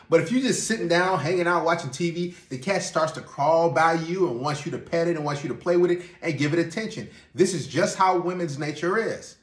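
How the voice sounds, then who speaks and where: A man's voice: on the high side, echoey room. A man hosting a podcast, giving dating advice in a direct, instructive way. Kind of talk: podcast commentary.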